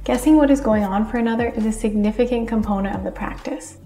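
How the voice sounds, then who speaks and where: A woman narrates a lesson in a calm, measured way, slipping into short example lines as she goes. Her voice sits on the higher side. The recording is roomy, with faint music playing underneath. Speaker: teacher of communication skills. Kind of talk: scripted explanatory narration. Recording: echoey room with faint music behind.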